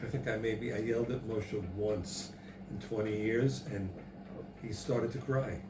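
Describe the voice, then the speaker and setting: A man's voice: lowish voice, steady tone, measured pace, roomy sound, distant mic. A man in casual chat who teases and jokes with his co-host. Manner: teasing, joking. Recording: clear background noise.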